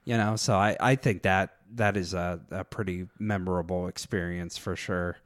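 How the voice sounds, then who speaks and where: An American man telling travel stories in casual chat, halting and full of fillers. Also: low voice, steady tone, dry recording, clean studio sound. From United States. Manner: halting, filler-heavy storytelling.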